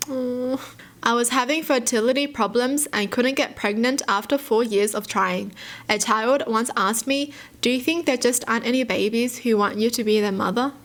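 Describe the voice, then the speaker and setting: A fairly high-voiced woman reads short stories aloud on her channel and then talks them over. Her reactions are soft and sympathetic, with gasps, sighs and a chatty, filler-heavy flow. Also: normal speed. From Australia. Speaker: YouTuber.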